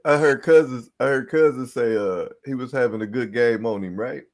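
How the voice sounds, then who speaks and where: Over a live stream call, a man co-hosting a sports podcast chats casually, animatedly retelling players' stories full of slang and cursing. His voice is mid-range and darkish in tone, at normal speed.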